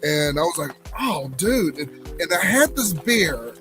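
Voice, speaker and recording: A man's voice: a little high, very animated, measured pace, over music, poor audio. A young man with a Southern US accent, hosting a casual cigar livestream and telling rambling stories full of fillers and restarts. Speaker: cigar lounge livestream host.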